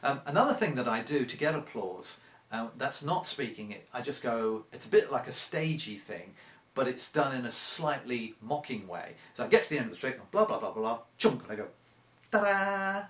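A man's voice: mid-range voice, expressive, fairly quick. An English man, a magician, giving casual advice in a chatty, anecdotal way and acting out the lines he uses with audiences. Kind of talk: casual instructional talk. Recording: roomy echo.

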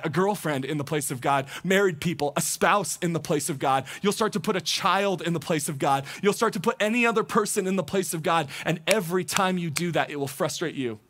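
Young male pastor, high voice, chatty animated sermon delivery. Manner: conversational, animated, acts out quoted thoughts. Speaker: teaching pastor.

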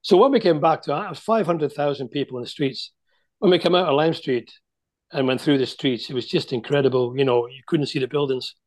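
A man's voice: a little high, brisk. An older man, a former footballer, telling chatty anecdotes about his playing days over a video call. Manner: chatty anecdotal storyteller, many restarts. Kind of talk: storytelling interview.

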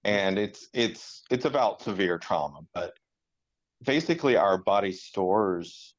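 A man with a very low voice chatting casually and thoughtfully, drifting through his points with ums and restarts. The recording sounds dull and lo-fi, as if the highs were cut off. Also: animated, unhurried. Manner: reflective, rambling with fillers. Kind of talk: casual chat.

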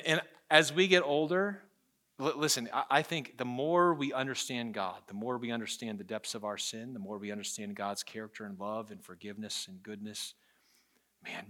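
Pastor, man, bright clear voice; earnest sermon delivery with personal stories. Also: fairly low pitch. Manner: earnest preaching with storytelling and repeated phrases.

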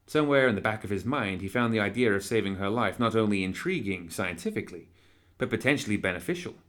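Measured low-voiced male narrator. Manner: measured, even storytelling. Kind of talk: audiobook narration.

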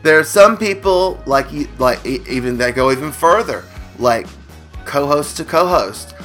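A male comedy podcast co-host spins improvised scenarios in a playful, drawn-out telling. His voice is bright and slightly high, and it swings widely in pitch. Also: animated, soft background music. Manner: playful, drawn-out storytelling with sudden jumps in pitch.

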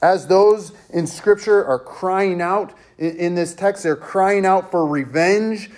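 High-voiced man preaching a sermon. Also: slow pace, a little mellow. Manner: emphatic, repetitive preaching cadence. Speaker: pastor.

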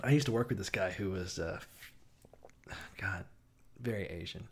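A man's voice: low voice, moderate pace, husky. A man co-hosting a casual comedic chat, swearing often and jumping into goofy voices.

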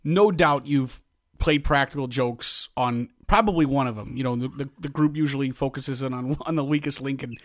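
A man's voice: mid-range voice, normal speed. A middle-aged man co-hosting a podcast, telling stories in a rambling, casual way with frequent restarts. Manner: rambling storytelling with many restarts. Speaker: podcast co-host. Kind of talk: casual chat.

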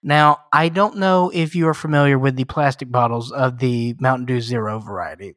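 A man's voice: medium pitch, moderate pace, few pauses, a bit bright, no echo, studio quality. A man co-hosting a podcast in casual chat, rambling and jokey with mock-formal asides. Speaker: podcast co-host.

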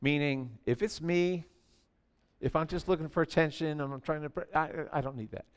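A man in his sixties preaching a sermon in a church, telling stories animatedly and swinging from quiet asides to near shouting. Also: fairly high pitch, steady tone, moderate pace, smooth. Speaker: pastor.

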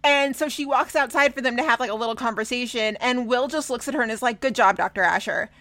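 A woman with a high voice co-hosts a casual podcast chat. She talks animatedly, swears freely and slips into mocking impressions. Her voice sounds dry and close, with no room behind it. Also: steady tone, quick pace, a bit bright, no echo. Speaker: podcast co-host. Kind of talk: casual chat recapping a TV episode.

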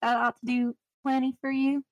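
A woman playing a lively, folksy adventurer who haggles over price. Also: high voice, normal speed, dry recording, studio quality, close to an everyday voice. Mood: bargaining.

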